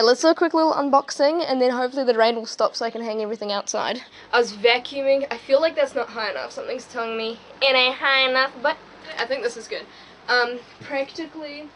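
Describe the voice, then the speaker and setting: A young woman chatting casually at home while cleaning, rambling excitedly and swearing freely. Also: fairly high pitch, a little hiss or hum, poor audio. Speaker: vlogger and small business owner. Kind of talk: casual clean-with-me vlog chat. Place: at home, tidying her room.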